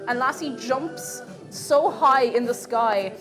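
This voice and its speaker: A woman streamer chatting casually while cooking, rambling through deadpan absurd jokes. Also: high voice, measured pace, few pauses, music in the background.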